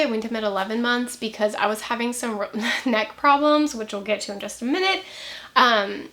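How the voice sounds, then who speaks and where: A young woman vlogging to camera in a chatty, rambling way, talking quickly and laughing now and then. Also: fairly high pitch, fairly bright tone. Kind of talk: casual chat to camera.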